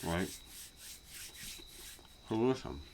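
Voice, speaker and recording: Man, vlog rant, swearing, repeats himself, lively swooping pitch, faint crickets behind. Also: drawn-out words, a little hiss or hum. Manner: profane, repetitive, swings from muttering to yelling. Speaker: vlogger. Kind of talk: casual rant to camera.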